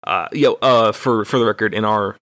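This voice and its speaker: A man's voice: on the low side, moderate pace, a bit bright, dry recording. A young man from Texas, a podcast co-host, telling a rambling, profane, self-deprecating story in casual chat.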